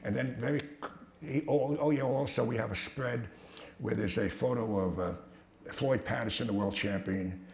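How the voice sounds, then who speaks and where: A man's voice: mid-range voice, moderate pace, darkish tone. An older man telling blunt, profane stories to an audience, stammering and restarting as he goes. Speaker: speaker at a talk. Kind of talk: anecdotal storytelling talk. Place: hall with a live audience. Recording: echoey hall with some noise.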